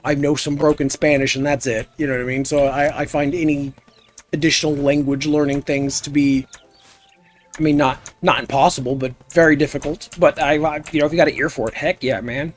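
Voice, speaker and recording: A man's voice: a little high, level tone, a little fast. A man live-streaming a building game, chatting casually and goofily with his viewers as he plays. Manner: rambling, goofy, chats with viewers while playing. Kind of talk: casual gameplay stream chat.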